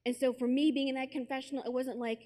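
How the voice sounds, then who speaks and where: A young American woman giving a personal testimony at a conference, telling her story with lively acted-out asides and quotes. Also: high voice, fast talker. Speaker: conference speaker. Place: large conference hall with an audience.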